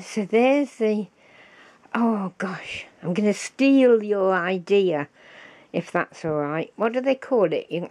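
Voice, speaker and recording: A woman, slow and fond, showing off a handmade craft gift on her vlog and gasping with delight. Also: medium pitch, darkish tone. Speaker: crafting vlogger. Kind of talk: casual show-and-tell of a craft gift.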